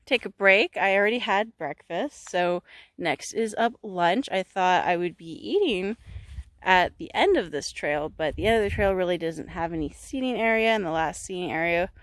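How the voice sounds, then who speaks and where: A young woman vlogger films herself on an outdoor hiking trail with a handheld camera, chatting casually and swearing freely, then whispering hushed while filming wildlife. Her voice is on the low side with lively intonation at a normal speed, and there's no room sound.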